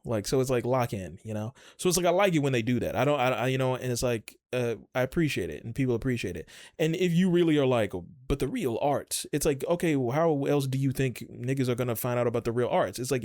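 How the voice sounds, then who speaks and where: A man's voice: medium pitch, a little mellow, no room sound, studio quality. A man co-hosting a podcast, talking in a rambling, casual way with lots of fillers and swearing. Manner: rambling, profane, filler-heavy. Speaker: podcast co-host. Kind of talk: casual chat.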